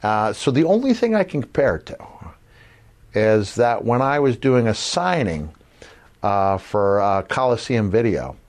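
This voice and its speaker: A man's voice: lowish voice, very animated, unhurried. A middle-aged man on a podcast, telling long rambling stories with many fillers and acting out the people he quotes. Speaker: podcast co-host, former wrestler. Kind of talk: casual storytelling chat.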